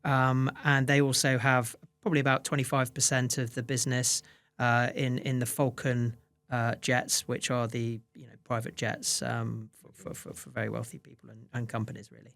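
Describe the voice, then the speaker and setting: A man's voice: mid-range voice, flat delivery, normal speed, vocal fry, fairly bright tone. A man, a fund manager, answering interview questions with many restarts and fillers. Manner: hesitant restarts, many "you know"s.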